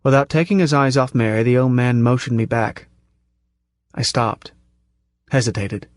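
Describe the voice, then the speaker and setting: A man reading a first-person story aloud at a measured, tense pace, close to the mic. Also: mid-range voice, dry recording. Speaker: audiobook narrator. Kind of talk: first-person audiobook narration.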